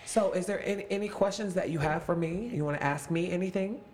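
A man's voice: high-pitched, fast, a little mellow, a little hiss or hum. A man in his late twenties, an actor, chatting with young castmates in a casual, upbeat, playful interview.

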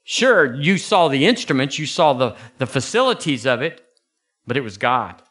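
A man preaching a sermon as pastor, folksy and animated, jumping into high bursts for emphasis. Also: moderate pace.

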